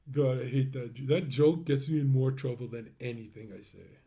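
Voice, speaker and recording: A man's voice: medium pitch, dark tone. Brash rambling male streamer. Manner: rambling, brash, with many fillers and trailing-off asides. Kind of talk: casual livestream monologue.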